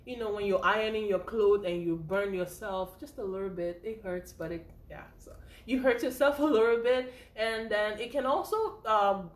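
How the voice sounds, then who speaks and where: A woman's voice: mid-range voice, moderate pace. A woman giving an informal first aid lesson, chatty and a little out of breath, checking in often with "okay?" and "right?". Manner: chatty, repeats points with frequent "okay?" and "right?". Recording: echoey room.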